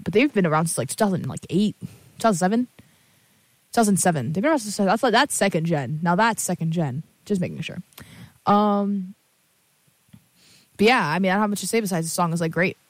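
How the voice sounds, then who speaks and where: A woman's voice: fairly low pitch, no room sound. A young woman hosting a show and introducing songs in a casual, rambling way, full of fillers and self-corrections, sounding sleepy and yawning. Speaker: host playing and introducing songs. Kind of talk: casual chat.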